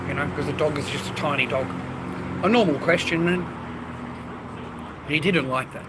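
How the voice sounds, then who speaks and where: A man's voice: a little high, moderate pace, pauses often, background noise. Rambling man in the street. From Australia. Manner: rambling, profane, blokey. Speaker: vlogger. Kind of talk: casual street vlog. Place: outdoors by a street, food stall.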